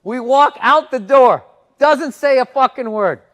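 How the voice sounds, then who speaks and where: High-voiced man telling a profane story. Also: measured pace, fairly bright tone. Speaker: podcast co-host. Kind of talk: casual chat.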